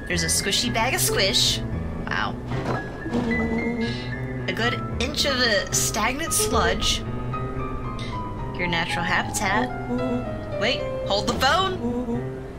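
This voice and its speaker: A woman streaming a game, reading its dialogue aloud in a lively, playful way, over loud game music. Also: mid-range voice, slow pace, pauses often.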